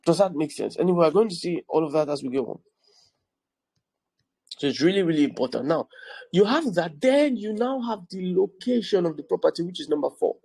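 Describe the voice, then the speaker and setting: Guy lecturing on a video call, bit husky, kinda high voice, keeps asking are you with me. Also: a little mellow, dry recording, rough recording. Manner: keeps checking in with the audience, emphatic repetition. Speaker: real estate educator. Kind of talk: online class lecture.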